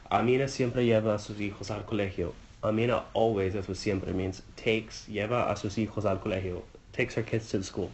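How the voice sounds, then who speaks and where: Low-voiced man reviewing vocabulary. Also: darkish tone, rough recording. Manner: thinks aloud with fillers, translating phrase by phrase. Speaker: Spanish teacher or tutor. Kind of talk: casual exam-review walkthrough.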